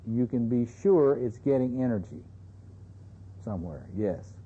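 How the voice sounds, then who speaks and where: A man's voice: mid-range voice, expressive, unhurried, warm tone, slight background noise. A man giving a seminar lecture in a conversational way, often checking in with his audience. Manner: conversational, keeps checking in with "you see". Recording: dull lo-fi lecture tape.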